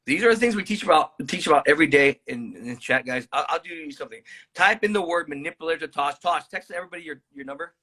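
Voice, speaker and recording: A man's voice: a little high, lively intonation, fast talker, bright, forceful tone. A man hosting a live stream about trading stocks, talking loosely to viewers, rambling, swearing and calling them "guys".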